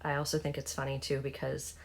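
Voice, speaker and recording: A woman's voice: very deep voice, level tone, fast talker, gravelly, slight background noise. A woman in her forties with a Southern accent, talking candidly and rambling through fillers while doing her makeup. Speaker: beauty vlogger.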